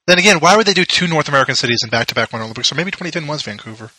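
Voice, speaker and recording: Podcast co-host, male, chatty and tangent-prone, bright dry voice. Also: fairly high pitch, lively intonation, rapid-fire, dry recording, low-quality recording. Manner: chatty, restarts and fillers. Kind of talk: casual chat.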